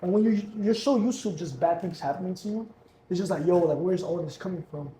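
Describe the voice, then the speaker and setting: High-voiced young man giving a pep talk. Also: a little fast, mellow, echoey room, slight background noise, rough recording. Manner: earnest, repetitive, slangy pep talk. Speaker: guest entrepreneur. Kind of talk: casual motivational talk.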